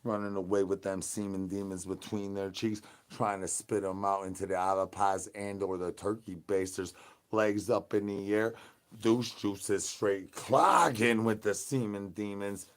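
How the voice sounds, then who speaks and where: A man's voice: lowish voice, fairly even intonation, measured pace. A man doing a crude, hungry zombie ranter. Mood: rambling. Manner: rambling, crude, sing-song nonsense rhymes. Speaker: comedy channel host. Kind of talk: improvised comedy rant.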